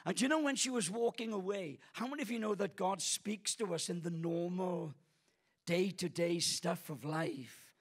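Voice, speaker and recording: A man's voice: high-pitched, moderate pace. A man in his sixties, a guest pastor preaching a sermon in a church auditorium on a stage microphone, telling stories with humor and self-deprecating jokes. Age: 60s.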